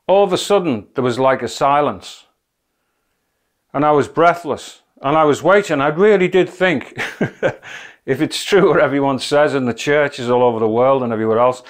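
A middle-aged man telling his own spiritual testimony in an earnest, conversational way, full of "you know" asides. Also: on the high side. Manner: earnest and conversational, many you-knows, rising to near-shouting when reliving anger. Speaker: speaker giving a spiritual testimony. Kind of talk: personal testimony storytelling.

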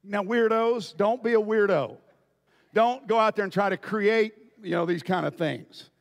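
A man preaching a folksy storytelling sermon, dropping to quiet asides and then bursting into loud shouts. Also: high voice, a little slow, in a large hall.

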